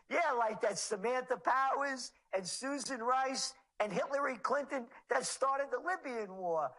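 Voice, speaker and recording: A man's voice: very high-pitched, expressive, unhurried, few pauses, fairly bright tone, rough recording. A man speaking as an interview guest, ranting in a sarcastic way.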